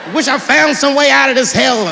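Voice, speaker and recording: Gravelly guy doing standup, voice jumping all over high and low, big hall echo. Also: fairly quick, slight background noise. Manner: animated, swings pitch widely acting out family dialogue. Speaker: stand-up comedian. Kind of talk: stand-up storytelling.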